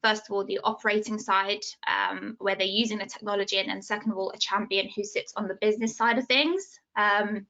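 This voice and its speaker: Breathless bright-voiced woman on a panel. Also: mid-range voice, steady tone, vocal fry, muffled recording. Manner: passionate, quick and talkative. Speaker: sales development rep, panelist. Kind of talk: casual panel discussion.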